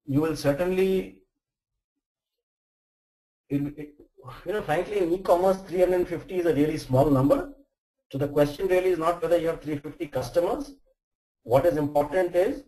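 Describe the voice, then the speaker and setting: A man's voice: fairly high pitch, warm tone, rough recording. A middle-aged man, a venture capital expert answering webinar questions frankly with a chain of probing questions.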